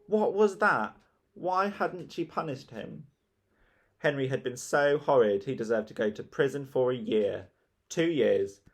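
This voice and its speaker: A man narrating a children's storybook in a lively, expressive reading. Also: medium pitch. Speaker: audiobook narrator.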